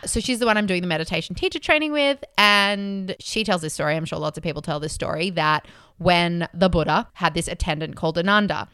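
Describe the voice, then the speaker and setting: A young woman tells stories in a relaxed podcast chat and acts out the voices in them. Her tone is smooth and clear, recorded close and dry. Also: on the low side, brisk, dry recording. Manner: animated storyteller, acts out quotes in playful voices. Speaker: podcast co-host. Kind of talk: casual chat.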